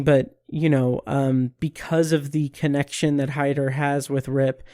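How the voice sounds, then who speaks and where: Podcast host, male, fairly high voice; warm, earnest, rambling enthusiasm, dry close mic. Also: no room sound. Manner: earnest and gushing, many fillers and restarts. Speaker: podcast host reviewing TV episodes. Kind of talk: casual solo review.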